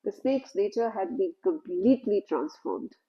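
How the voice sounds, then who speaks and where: A woman telling a spiritual story in a gentle, unhurried, conversational way. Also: mid-range voice, lively intonation, highs cut off.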